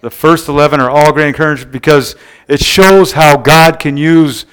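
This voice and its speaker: A man preaching a sermon to a congregation in a relaxed, conversational way, often checking in with the room. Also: fairly high pitch, moderate pace, clean tone. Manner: conversational, keeps asking the room "Amen?". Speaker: pastor. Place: church service before a congregation.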